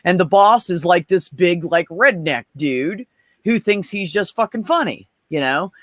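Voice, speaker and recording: Profane, animated man telling stories. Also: high-pitched, measured pace, dry recording. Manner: animated, profane, acts out quoted voices. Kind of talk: casual chat, storytelling.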